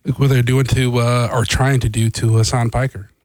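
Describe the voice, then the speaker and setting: A man co-hosting a talk show, chiming in briefly and calmly pushing back. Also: medium pitch, normal speed, no room sound. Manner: calm, brief interjections that push back. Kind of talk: casual studio chat.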